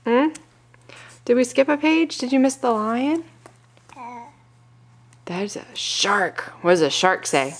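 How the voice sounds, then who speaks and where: Slow, sing-song mom reading to baby. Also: female voice, on the high side, sing-song. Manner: gentle questioning, coaxing, with little animal noises. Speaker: parent reading to a toddler. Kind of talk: reading a picture book aloud to a baby.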